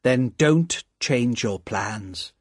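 A cool, smooth-talking man, steady and quietly firm, as a male reader voices him. His slow, husky delivery carries a lively lilt. The sound is close and dry. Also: medium pitch, dry recording. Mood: calm. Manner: calm, measured, quietly firm. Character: a calm, cool, smooth-spoken Englishman.

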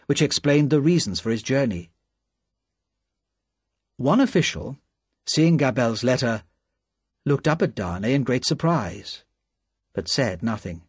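A man narrating a story in a calm, measured reading voice with a husky tone. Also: on the low side, no room sound, clean studio sound.

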